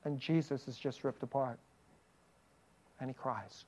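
A preacher giving a sermon, reading scripture aloud and explaining it in an earnest manner, often sinking to a soft, hushed voice. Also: medium pitch, a little slow.

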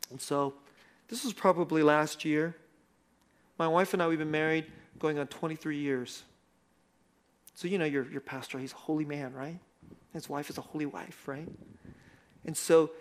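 High-voiced middle-aged pastor preaching. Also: male voice. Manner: self-deprecating, laughs often, conversational. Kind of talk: sermon with personal story.

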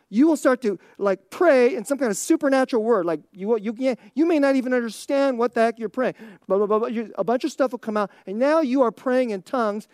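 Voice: mid-range voice, a little fast, a little mellow, no echo. Conversational preacher, dry close sound. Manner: conversational, emphatic, laughs often; asks the audience rhetorical questions. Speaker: pastor. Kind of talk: sermon.

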